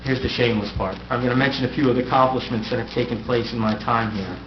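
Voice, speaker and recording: A man's voice: medium pitch, fairly even intonation, quick pace. Wry middle-aged man giving a farewell speech. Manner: wry, self-deprecating humor. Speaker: outgoing mayor. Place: council chamber dais. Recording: echoey, dull, noisy room recording.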